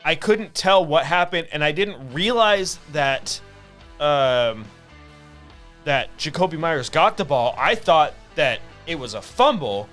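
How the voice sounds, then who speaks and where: A man's voice: a little high, expressive, fairly bright tone. Man chatting football, music faintly behind. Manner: halting, restarts phrases. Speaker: podcast co-host. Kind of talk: casual sports chat.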